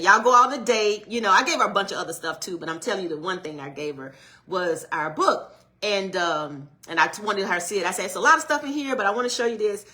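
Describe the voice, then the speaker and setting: A middle-aged woman talks casually on a livestream. Her voice is bright and forceful, and she greets viewers by name. She slips into an encouraging, preacherly tone, like a minister talking to her community. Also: on the low side. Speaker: channel co-host and minister.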